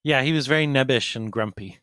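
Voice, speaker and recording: A man's voice: medium pitch, brisk, sharp tone, no room sound, studio quality. A man co-hosting a podcast, tossing in wry jokes in casual chat. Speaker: podcast co-host.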